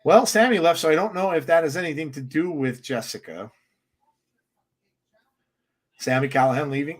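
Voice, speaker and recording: A man co-hosting a live wrestling watchalong, giving excitable reaction commentary with many restarts. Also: on the high side, normal speed, long pauses.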